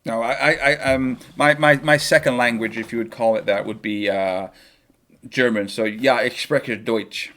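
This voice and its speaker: A man's voice: mid-range voice, steady tone, moderate pace, bright, forceful tone. A young man with an ordinary mid-range voice talks over a live football match from his home setup. He chats loosely and jokes as the game goes on. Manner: chatty, jokey, reacting to the match. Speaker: football watchalong streamer. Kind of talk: live match watchalong chat.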